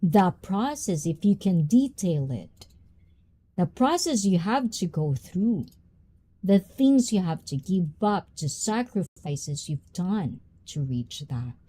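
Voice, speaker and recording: A woman hosting a casual live-stream chat, talking in a reflective, drawn-out way with many fillers and asides to her viewers. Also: mid-range voice, sing-song, mellow. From Japan. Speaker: host.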